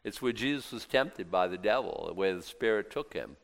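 A man's voice: fairly low pitch, animated, normal speed, gravelly. A man preaching a Bible teaching, reading scripture and commenting in a joking, conversational way with rhetorical questions. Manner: reads scripture aloud, then comments in a joking conversational aside; asks the listeners rhetorical questions, with swings between loud and quiet.

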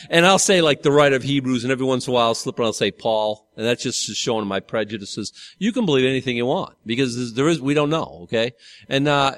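A man's voice: medium pitch, dry recording, clean studio sound. A man pastor teaching a Bible study sermon in a conversational way, often correcting himself and asking the congregation questions.

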